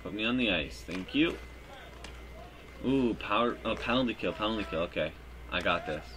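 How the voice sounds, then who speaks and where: A man giving live commentary over his own hockey video game, joking and breaking into loud cheers at big plays. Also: fairly low pitch, normal speed. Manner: excitable, jokey, bursts into loud cheers. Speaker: gaming YouTuber.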